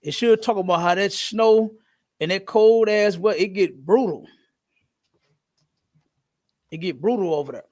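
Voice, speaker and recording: A man's voice: high voice, unhurried, long pauses, a little mellow. A man teaching a class in a loose, casual way, telling stories and swearing freely. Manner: loose, profane, storytelling.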